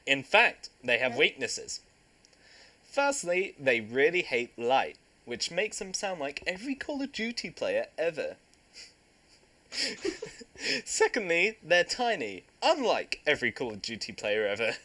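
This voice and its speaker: A young man, hosting a casual podcast chat, jokey and quick to laugh. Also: on the high side, wildly swooping pitch, bright, forceful tone. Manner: jokey, teasing, laughs often. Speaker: podcast host.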